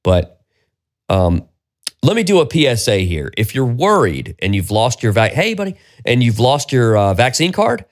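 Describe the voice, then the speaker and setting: A man's voice: mid-range voice, moderate pace. A man hosting a solo podcast, ranting with exasperation and plenty of profanity. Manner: profane, exasperated, animated rant. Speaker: podcast host.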